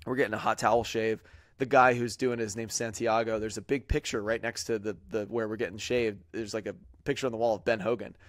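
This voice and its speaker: A man's voice: lowish voice, flat delivery, quick pace, no echo, studio quality. A man hosting a podcast, telling a long story in a rambling way with lots of fillers and quoted voices. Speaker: podcast host. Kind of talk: casual chat.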